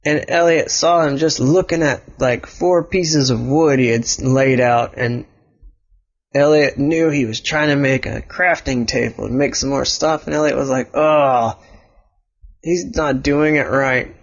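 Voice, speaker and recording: A man's voice: medium pitch, moderate pace. A man improvising a block-game story, rambling and restarting his sentences. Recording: dull lo-fi recording.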